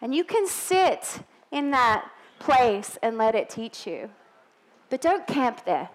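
A woman's voice: fairly high pitch, very animated, slow, low-quality recording. A woman in her thirties preaching a sermon, telling personal stories earnestly with emphatic peaks. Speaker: pastor's wife preaching.

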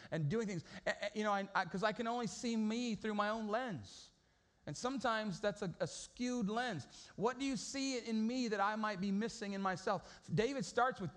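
High-voiced pastor preaching casually. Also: male voice. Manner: casual storytelling, high-energy, repeats words. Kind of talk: sermon.

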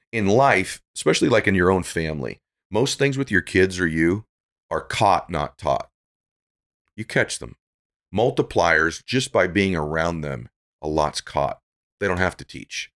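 A man's voice: deep voice, a bit bright. A middle-aged man speaking as a podcast guest, giving earnest, preachy motivational talk that builds to emphatic peaks.

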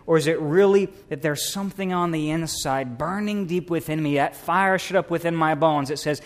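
A middle-aged man, preaching a sermon in a church with rising emphasis and rhetorical questions. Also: fairly high pitch. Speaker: pastor. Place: church sanctuary.

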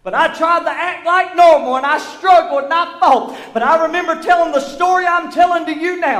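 A middle-aged man, preaching a sermon in a church, building from storytelling to fervent shouts. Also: very high-pitched, moderate pace, hardly any pauses. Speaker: pastor. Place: church sanctuary. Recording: echoey church hall.

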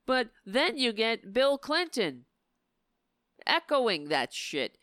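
Impassioned woman host, crisp dry voice. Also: fairly high pitch, sing-song, takes it slowly, a bit bright, dry recording. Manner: impassioned, emphatic ranting. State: losing her voice. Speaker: political talk show host. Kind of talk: live-stream political commentary.

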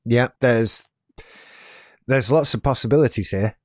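A man in his late thirties co-hosts a casual podcast, talking in a relaxed, meandering way, often restarting his sentences and adding dry asides about himself. He has a mid-range voice, and the recording is close and dry, with no room sound. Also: medium pitch, measured pace, no echo. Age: late 30s. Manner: laid-back, rambling with restarts and self-deprecating asides. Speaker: podcast co-host. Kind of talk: casual chat.

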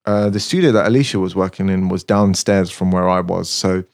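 A man's voice: deep voice, a little fast, a little mellow. A man who works as a studio engineer, telling stories in a casual interview with many fillers and frequent laughs. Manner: laid-back, anecdotal, laughs often, many fillers. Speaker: music studio engineer, guest.

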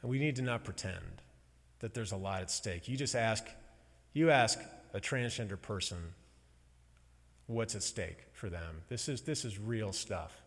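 A man giving a personal sermon in a slow, halting, emotional storytelling way, pausing often. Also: lowish voice. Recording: long hall reverb.

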